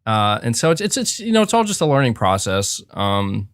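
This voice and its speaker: A man's voice: mid-range voice, sing-song, moderate pace, dry recording, clean studio sound. A man hosting a live podcast, chatting casually and rambling through reflections with lots of fillers and restarts. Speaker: podcast host. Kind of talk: casual livestream chat.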